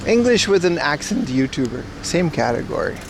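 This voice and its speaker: Browsing plants outside, a man livestreams in a fairly high, sing-song voice at a moderate pace, rambling and playfully joking with his viewers. Background noise runs under his casual chat.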